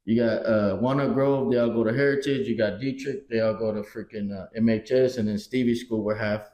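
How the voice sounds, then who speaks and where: Man, 40s, podcast co-host, casual profane storytelling, mellow voice, roomy echo. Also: lowish voice, fairly even intonation, brisk. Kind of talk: casual chat. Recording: echoey room.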